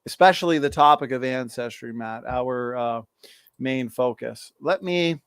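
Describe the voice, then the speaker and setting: A man's voice: medium pitch, a little slow, smooth, dry recording, clean studio sound. A man co-hosting a live stream over a video call, methodically walking through data point by point. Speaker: co-host. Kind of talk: live-stream apologetics talk.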